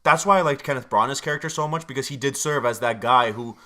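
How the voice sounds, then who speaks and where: A man's voice: mid-range voice, fast talker, pushed and bright. A man co-hosting a casual movie review chat, telling scenes animatedly and often stammering over his words.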